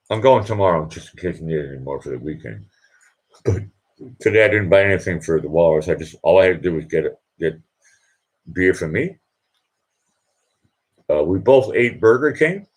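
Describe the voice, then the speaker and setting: In a slightly mellow, husky low voice, a middle-aged Boston man hosts a relaxed live stream. His pitch moves widely while he rambles, doubling back on sentences and repeating words.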